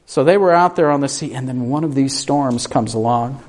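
In a medium-pitched voice and at a moderate pace, this pastor delivers a sermon, putting questions to the congregation. He performs the quoted voices as the story unfolds, shifting from quiet to loud and back.

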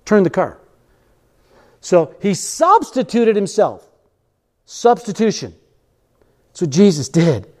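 A man preaching a sermon with passion, stretching key phrases slowly and breaking into a sung refrain. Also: high voice, sing-song, a little mellow. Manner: impassioned, sings a hymn refrain; drawn-out emphatic phrases.

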